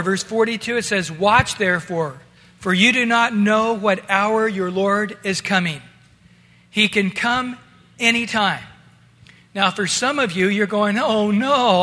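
A male pastor preaching a sermon in a relaxed, conversational way, talking to his listeners as guys. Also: sits high, big-room sound.

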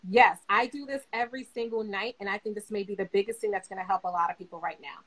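A young adult woman talks through advice in a loose, easygoing manner, often pausing with fillers. Her voice sits at a middle pitch for a woman, and she sounds like a guest on a casual chat show. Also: rough recording. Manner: relaxed, conversational, many fillers. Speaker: guest therapist.

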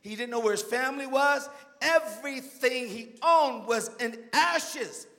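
A man's voice: extremely high pitch, measured pace, bright, forceful tone, big-room sound. A man preaching a sermon as a guest speaker, emphatic and calling out to the congregation.

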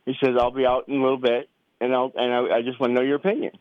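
A middle-aged father telling a family story in a casual, animated way, acting out the voices he quotes. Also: mid-range voice, rapid-fire, clear, resonant tone, no echo, narrow, tinny audio. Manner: animated, acts out quoted voices, many restarts.

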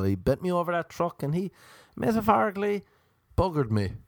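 A man from Ireland doing a crude, comedic monologue as a podcast host, storytelling with big animated swings. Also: a little high, moderate pace, no room sound.

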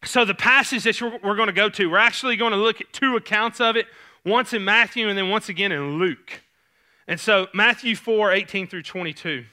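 Southern male youth pastor, easygoing sermon delivery, higher-pitched with a crisp bright tone. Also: brisk. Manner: casual, conversational preaching with many fillers. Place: church sanctuary stage.

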